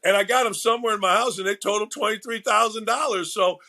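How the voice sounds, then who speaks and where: A middle-aged man and former coach, telling lively stories in a casual interview and acting out the people he quotes. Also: high-pitched, fast, vocal fry. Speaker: podcast guest, former basketball coach and broadcaster. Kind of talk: animated storytelling in a casual interview.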